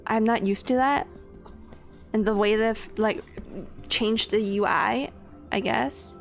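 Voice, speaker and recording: Slow-talking, high-voiced woman streamer. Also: fairly even intonation, creaky. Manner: rambling, swears freely, laughs often, greets chat. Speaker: game streamer. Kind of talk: casual live-stream chat while gaming. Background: faint game music.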